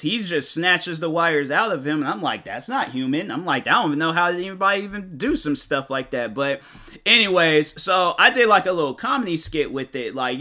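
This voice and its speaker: A man's voice: a little high, bright, forceful tone. A young man hosting his own podcast, rambling casually in slang with lots of fillers and restarts. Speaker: podcast host. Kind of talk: casual solo podcast recap.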